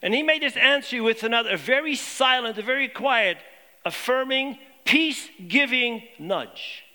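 A man preaching a sermon to his congregation, posing questions and dropping low and quiet on key points. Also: expressive, moderate pace. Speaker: pastor.

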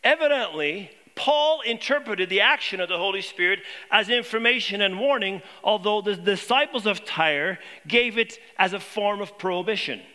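A man preaching a sermon to his congregation, posing questions and dropping low and quiet on key points. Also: animated, moderate pace, hardly any pauses. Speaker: pastor.

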